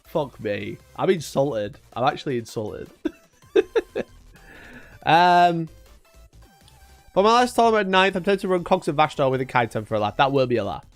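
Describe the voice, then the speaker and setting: A man's voice: fairly high pitch, very animated, normal speed, long pauses, soft background music. Guy streaming, swears a lot, fake angry at chat, voice goes all over the place. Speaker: live-stream host. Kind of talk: casual live-stream chat.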